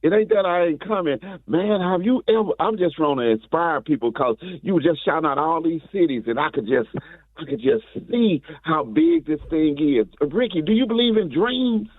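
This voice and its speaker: A man's voice: a little high, lively intonation, no echo. A man calling in to a morning radio show, rambling and preachy, humming as he talks. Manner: rambling, preachy, drawn-out hums. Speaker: caller, comedian filling in. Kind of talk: comic phone bit. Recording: dry tinny phone line.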